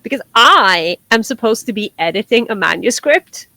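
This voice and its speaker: Chatty woman with a high voice. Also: animated, moderate pace, sharp tone, no echo. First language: Norwegian. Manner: chatty, laughs readily, rambling restarts. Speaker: podcast co-host. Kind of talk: casual chat.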